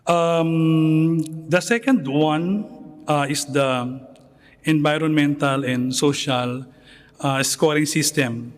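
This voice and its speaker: A man answering a moderator on a conference panel, measured and somewhat formal. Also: a little high, clean tone. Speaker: association secretary general, panel speaker.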